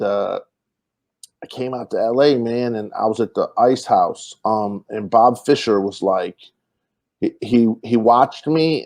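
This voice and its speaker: A man telling comedy road stories in casual podcast chat, acting out the people he quotes. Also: medium pitch. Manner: animated storyteller, acts out quotes, many fillers and restarts.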